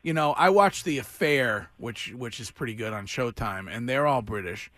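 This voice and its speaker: A man hosting a casual radio interview, chatty and quick to laugh. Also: mid-range voice, lively intonation, fairly bright tone, no room sound. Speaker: radio host.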